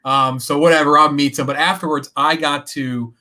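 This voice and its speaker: An eager man on a stream panel with a bright, somewhat high voice. He talks in loose, rambling phrases that run into one another. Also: fairly even intonation, moderate pace. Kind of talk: casual chat on a live stream.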